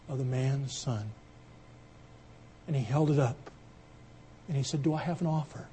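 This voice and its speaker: Fervent male preacher, fairly high voice. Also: a little hiss or hum. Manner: builds from quiet storytelling to loud emphatic preaching. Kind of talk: sermon with an illustration story.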